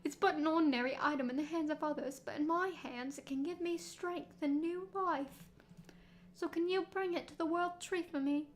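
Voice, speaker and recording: A woman voicing a sly young male elf from a game, reading his lines slowly and coaxingly. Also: high voice, a bit bright, slight background noise. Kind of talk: reading game dialogue aloud.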